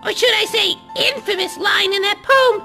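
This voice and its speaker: A woman voicing a playful, childish male sock puppet who rambles and jokes mischievously, in a squeaky, gravelly voice. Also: moderate pace, sharp tone, faint music behind, exaggerated voice. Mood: rambling.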